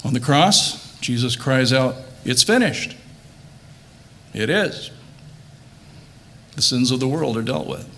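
A man delivering an earnest sermon at an ordinary middle pitch, leaning hard into the words he quotes and sometimes restarting a phrase. He later leads a soft, quiet prayer. Faint noise sits under the recording. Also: measured pace, long pauses. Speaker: pastor.

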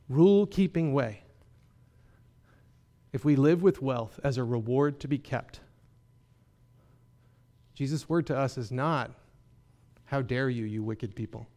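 A man's voice: fairly high pitch, a little mellow. A man preaching a sermon, earnest and emphatic, often asking his listeners rhetorical questions. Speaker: pastor.

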